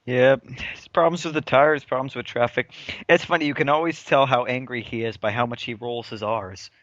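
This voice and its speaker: A man's voice: mid-range voice, fairly even intonation, brisk, a bit bright, no echo. A man co-hosting a podcast, chatty and analytical, leaning on fillers as he talks things through. The recording is dry with no room sound, and dull like lo-fi audio. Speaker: podcast co-host. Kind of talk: casual chat.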